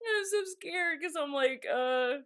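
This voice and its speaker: A woman's voice: medium pitch, expressive, normal speed, pushed and bright. A woman in her thirties hosting a podcast in casual chat, talking loosely with lots of "like" and acted-out quotes. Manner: chatty, full of "like" and quoted asides. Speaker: podcast host.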